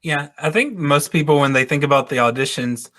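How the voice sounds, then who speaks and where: A man's voice: fairly high pitch, a little fast, a bit bright. A man hosting a podcast, asking short, casual questions and laughing between them. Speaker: podcast host. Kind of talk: casual interview.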